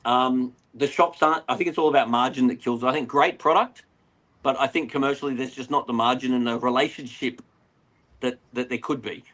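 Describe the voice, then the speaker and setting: Speaking briskly at a medium pitch, this Australian aquarium retailer, middle-aged, rambles animatedly through stories. It's a casual interview chat where he's the guest.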